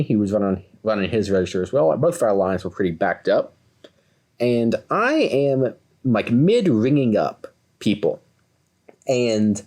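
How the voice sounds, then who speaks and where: A man in his twenties, co-host of a podcast, telling a story in a casual way and acting out the voices of the people in it. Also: on the low side. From Kentucky, USA. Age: 20s. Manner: animated, acts out quoted voices.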